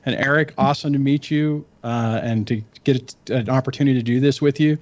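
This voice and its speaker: An upbeat man talking fast as he thanks the other panelists. His audio sounds dull and lo-fi. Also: mid-range voice, steady tone, darkish tone. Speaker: guest, YouTuber. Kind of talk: casual sign-off.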